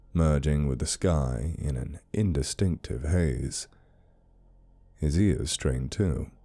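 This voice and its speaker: Super deep guy narrating a creepy story, mellow dark tone, slow and brooding. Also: slightly rough. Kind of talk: scripted horror narration.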